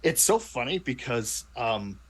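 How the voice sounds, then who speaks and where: A man's voice: medium pitch, sing-song, unhurried, low-quality recording. A man chatting casually about the tabletop game he plays in, rambling and restarting his sentences often. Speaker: player in a tabletop role-playing show. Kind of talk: casual chat.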